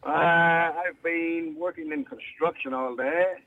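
A man's voice: a little high, fairly even intonation, takes it slowly, dry recording. Northern Irish man on a tinny phone line. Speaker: caller. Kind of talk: phone-in chat.

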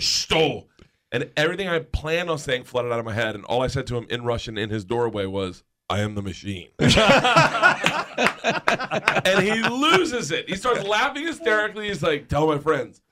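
Fast-talking animated male storyteller. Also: on the high side. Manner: animated, laughs through his own story. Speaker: guest storyteller. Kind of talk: comedic storytelling on a podcast.

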